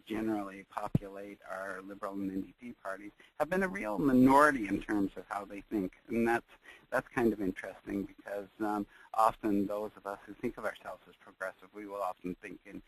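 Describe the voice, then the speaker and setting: A man presenting a webinar lecture, speaking in a measured, searching way with frequent pauses. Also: on the low side, a bit bright, rough recording.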